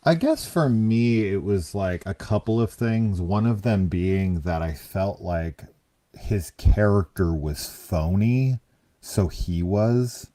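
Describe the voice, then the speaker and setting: A man appearing as a guest reviewer on a casual chat show, talking in a laid-back way and trailing off quietly. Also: lowish voice, takes it slowly.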